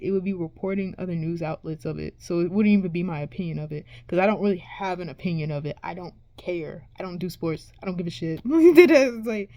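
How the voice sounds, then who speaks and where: A woman's voice: lowish voice, dark tone, no echo. A woman vlogger ranting to her viewers in a casual, profane, exasperated way, rambling and restarting her sentences. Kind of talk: casual rant to camera.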